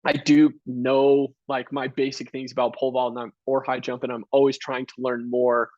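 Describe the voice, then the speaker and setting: A man's voice: medium pitch, level tone, normal speed, a little mellow, no room sound, highs cut off. A man around thirty, a college track coach, answering interview questions casually and earnestly, with many "you know" and "like" fillers. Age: about 30.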